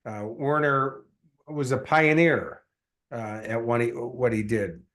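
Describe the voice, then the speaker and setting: A man, a success coach and guest, telling his story in an earnest, animated way, with many fillers. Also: medium pitch, slow. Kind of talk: casual interview storytelling.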